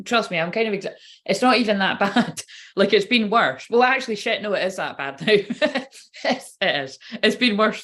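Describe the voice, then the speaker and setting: A woman's voice: mid-range voice, a bit bright. A young woman, a tarot card reader, chatting casually and rambling to her viewers, laughing often and swearing freely.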